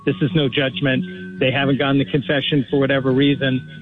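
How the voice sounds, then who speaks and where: A man's voice: mid-range voice, level tone, a little fast, soft background music. A man calling in to a radio show, explaining earnestly and restarting his sentences often, heard over the phone. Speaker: radio caller. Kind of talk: phone-in call. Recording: tinny phone line.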